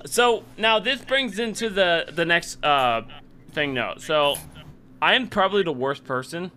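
A young man hosts a casual podcast with a bright, slightly high voice. He rambles through crude stories, padding them with fillers and bursts of laughter. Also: expressive, measured pace. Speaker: podcast host.

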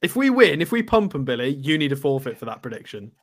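A man co-hosting a fan podcast in casual chat, chirpy and quick to tease. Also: a little high, sing-song. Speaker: podcast co-host.

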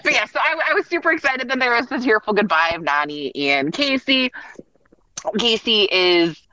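A woman chatting casually as a podcast co-host, talking in quick bursts with plenty of "like" and acting out what others said. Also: a little high, big pitch swings, bright, forceful tone, no room sound, highs cut off. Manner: chatty, lots of "like" and restarts, acts out quotes. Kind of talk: casual chat recapping a reality show.

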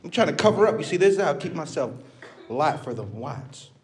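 A man's voice: fairly high pitch, expressive, a little fast, a little mellow, a little hiss or hum, lightly acted. A male comedian voicing a crude, rambling Texas redneck character on stage. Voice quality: crude, drawling, self-mocking patter. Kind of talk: stand-up character bit.

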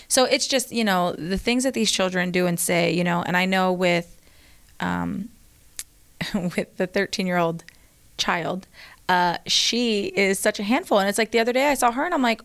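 A woman in her thirties chats casually as co-host, mid-pitched and relaxed. She tells family stories and acts out the voices of the people in them. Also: moderate pace. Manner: chatty storyteller, animated quoted voices. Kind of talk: casual chat.

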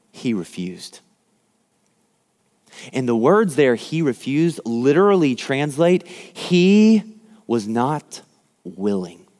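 A man preaching a sermon, telling a parable in an animated way and acting out the lines of its characters. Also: a little high. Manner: animated storytelling, acts out quoted lines. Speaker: pastor. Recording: long hall reverb.

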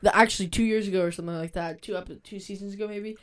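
A man's voice: sits high, steady tone, fairly bright tone, clear, resonant tone. A young man co-hosting a podcast, teasing and joking in casual chat. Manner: teasing, joking, quick to laugh. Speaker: podcast co-host.

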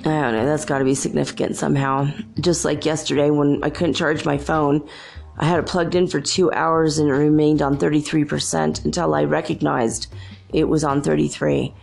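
A woman's voice: deep voice, flat delivery, moderate pace, vocal fry, darkish tone, faint music behind. A woman hosting a show, telling chatty, rambling stories in a casual monologue and laughing often. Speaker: show host.

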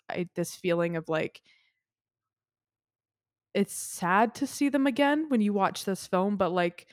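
A woman with a fairly low, darkish voice co-hosts a podcast, crying and sniffling as she earnestly rambles about a film she adores. The studio sound is clean, with no echo.

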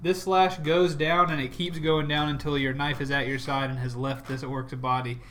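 A man's voice: fairly high pitch, level tone, normal speed, fairly bright tone, a little hiss or hum. Chatty male game master. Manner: loose, chatty, lots of fillers. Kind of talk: narrating a tabletop game.

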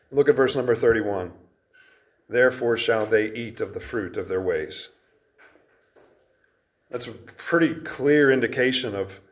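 A man preaching an expository sermon in an earnest, emphatic way, with frequent restarts as he explains the verses. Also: mid-range voice.

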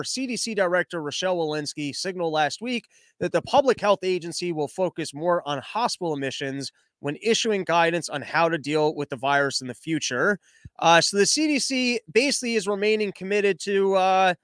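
A man's voice: high voice, fairly bright tone, no room sound, studio quality. A man hosting a podcast, giving casual, sarcastic commentary on the news in a rambling, mocking way. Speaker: podcast host.

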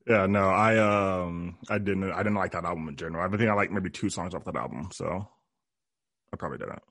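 A man's voice: low voice, brisk, vocal fry, a bit bright, dry recording. A man co-hosting a podcast, giving a blunt, dismissive critique with many ums in a casual music review chat. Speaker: podcast co-host.

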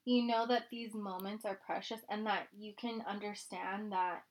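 A woman's voice: medium pitch, fairly even intonation, normal speed. A young woman co-hosting a podcast, talking candidly and emotionally in casual chat, swearing freely. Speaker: podcast co-host.

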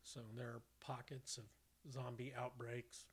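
A man's voice: medium pitch, completely flat delivery, a little slow, breathy edge. A man in casual podcast chat, answering briefly with dry, sarcastic quips.

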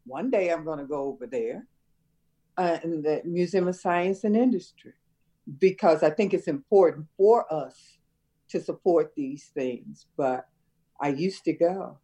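An older woman, a retired schoolteacher from Chicago, reminiscing in a relaxed conversation and laughing often. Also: low-pitched, a little slow, breathy edge. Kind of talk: casual conversation.

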